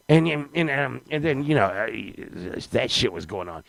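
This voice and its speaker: A man telling a rambling, profane comic story, swinging between loud excited bursts and low mutters. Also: a little slow, vocal fry, few pauses, dry recording, poor audio. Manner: profane, rambling, animated, with sudden drops to mutters.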